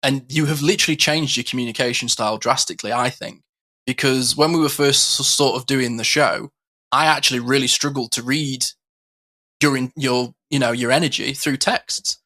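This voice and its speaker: A man's voice: mid-range voice, steady tone, normal speed, bright, forceful tone. A man co-hosting a podcast, chatting casually and acting out the exchanges he describes. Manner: chatty, acts out quoted exchanges, frequent fillers. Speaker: podcast co-host.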